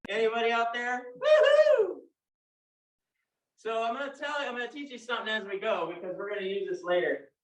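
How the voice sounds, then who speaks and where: A man from Texas, with a Texan accent, teaches a live dance class in a studio, joking and spinning folksy stories while instructing. His voice is high-pitched, fast, fairly bright and fairly even in intonation, captured in a roomy, distant, dull recording.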